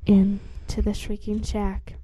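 A woman with a mellow, soft-edged voice of middle pitch retells a story in casual chat. She is chatty and uses lots of fillers. She jumps into little acted-out lines along the way. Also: monotone, slow pace. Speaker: storyteller retelling a book plot.

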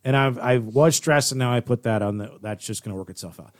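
A man's voice: mid-range voice, brisk, no echo, studio quality. A man co-hosting a podcast, talking emphatically, repeating himself and trailing off. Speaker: podcast co-host. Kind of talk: casual podcast banter.

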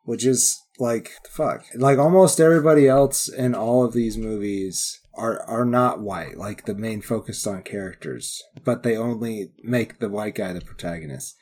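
Man, podcast co-host, casual chat, animated, profane, laughing. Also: fairly low pitch, normal speed, few pauses, breathy edge.

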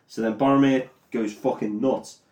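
A man's voice: medium pitch, fairly even intonation, moderate pace, darkish tone. Young man retelling a film, roomy sound. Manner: crude, laughing, sweary storytelling. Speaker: podcast co-host retelling a film. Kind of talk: comedic casual retelling. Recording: roomy, mic at some distance.

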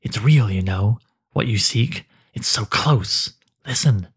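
A man's voice: on the low side, slow pace, husky, full character voice. A man voicing the Hooded One, a hissing cave creature. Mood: hissing taunt. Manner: hissing whisper, taunting. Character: sinister hooded cave creature, mocking, tempting.

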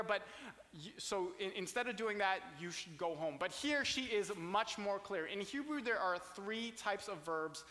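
A man's voice: high voice, animated, a little slow, pushed and bright, in a large hall. A man teaching a Bible study, explaining the passage in a conversational way with casual asides.

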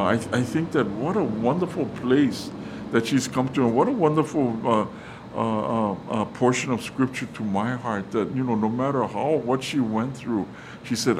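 Against a noisy background, a man speaking at medium pitch and normal speed delivers a sermon on Scripture. He reads verses aloud, acts out quotes casually, and often fills and restarts his sentences.

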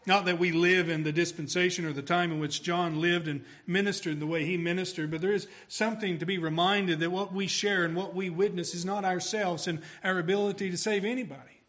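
A man preaching a sermon emphatically, his voice swelling louder on key phrases. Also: sits high, steady tone, brisk, few pauses.

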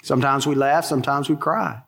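A man's voice: mid-range voice, fairly even intonation, brisk, vocal fry, a bit bright. A middle-aged man preaching a sermon as pastor, folksy and conversational with touches of humor. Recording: long hall reverb.

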